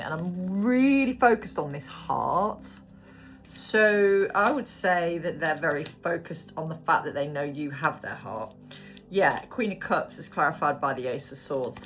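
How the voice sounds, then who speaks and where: Chatty British woman in her forties. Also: sits low. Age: 40s. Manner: chatty, swears casually, goes off on tangents. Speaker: tarot card reader. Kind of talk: casual tarot reading to camera.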